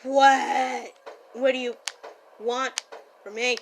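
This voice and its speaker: A woman voicing a brash, hot-tempered young gang-boss man in a listener role-play while gaming, scolding and yelling. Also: high-pitched, little pitch movement, drawn-out words, gravelly, a little hiss or hum, heavily acted. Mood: annoyed gaming. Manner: loud, scolding, easily startled, playful yelling. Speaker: fan voice actor.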